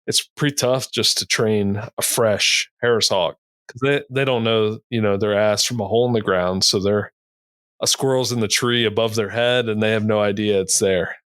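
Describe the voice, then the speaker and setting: Laid-back low-voiced man spinning a yarn. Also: steady tone, moderate pace, a bit bright, smooth, no echo. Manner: rambling, laid-back, laughs at his own stories. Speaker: podcast cohost and falconer. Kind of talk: casual storytelling chat.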